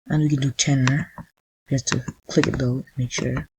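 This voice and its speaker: Man, mid-pitched, casual tutorial host who narrates his own clicks with lots of restarts. Faint hiss and keyboard typing underneath. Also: little pitch movement, normal speed. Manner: thinks aloud while clicking, with frequent restarts. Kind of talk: casual screen-recorded tutorial.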